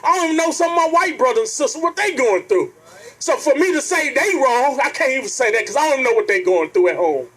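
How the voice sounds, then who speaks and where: A man's voice: very high-pitched, lively intonation, quick pace, a bit bright, low-quality recording. A man speaking to an outdoor protest rally, earnest and preacherly, repeatedly calling out to the crowd. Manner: earnest, preacherly, keeps addressing the crowd directly. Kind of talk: impassioned protest speech.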